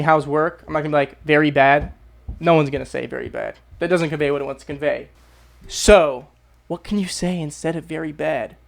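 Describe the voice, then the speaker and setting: A man's voice: on the high side, vocal fry. Emphatic American man, swearing casually. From United States. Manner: emphatic, swears freely, repeats phrases for stress. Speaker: YouTube English teacher. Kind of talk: casual explainer vlog.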